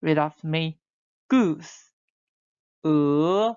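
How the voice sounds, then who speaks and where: A woman teaching a beginner Chinese lesson, modelling sounds slowly for learners to repeat. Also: fairly low pitch, lo-fi sound. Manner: slow, drawn-out demonstration sounds for repeating. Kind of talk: online language lesson.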